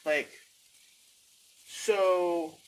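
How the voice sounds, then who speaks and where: A man ranting casually into his phone outdoors in the wind, rambling, animated, swearing freely and repeating himself. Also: high-pitched, extremely slow. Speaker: vlogger. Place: outdoors, windy.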